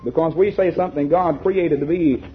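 A man's voice: on the high side, moderate pace, a little hiss or hum. A man preaching a sermon, reading a story aloud and asking the congregation rhetorical questions. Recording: lo-fi tinny recording.

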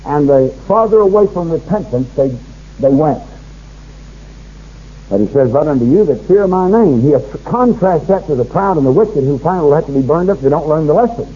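A fervent male preacher delivers a sermon, his voice sitting high and a little husky. He swells with force when reading scripture. It comes through muffled, like an old radio broadcast. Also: warm tone.

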